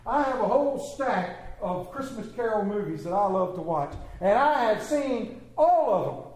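A man preaching a sermon to a congregation, swinging between loud emphatic phrases and hushed low lines, repeating phrases to build his point. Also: very animated, moderate pace. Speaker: pastor. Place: church sanctuary with congregation. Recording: echoey church room.

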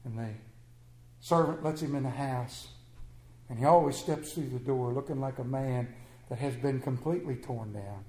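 A man preaching a sermon to a congregation, swinging between loud emphatic phrases and hushed low lines, repeating phrases to build his point. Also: moderate pace, a little hiss or hum. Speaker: pastor. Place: church sanctuary with congregation. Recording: echoey church room.

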